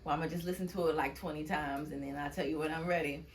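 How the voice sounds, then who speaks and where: Chatty woman with AAVE, lower voice. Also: fairly even intonation, quick pace. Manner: chatty storyteller, laughs often, acts out quotes. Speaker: poet and guest. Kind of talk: casual interview chat.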